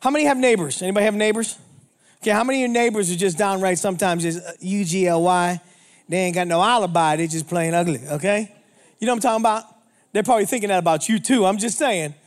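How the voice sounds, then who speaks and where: A man in his fifties from Pittsburgh, preaching an energetic, joking sermon as a traveling minister, often throwing questions to the congregation. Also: high voice, fast talker. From Pittsburgh, United States.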